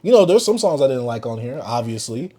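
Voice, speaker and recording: A young man co-hosting a casual hip-hop podcast, animated, acting out quotes and laughing often. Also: mid-range voice, fairly quick, breathy edge. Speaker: podcast co-host.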